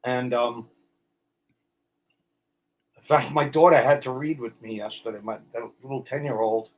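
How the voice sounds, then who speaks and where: A middle-aged man, an actor guest telling stories in a casual interview, blunt and animated. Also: medium pitch, moderate pace.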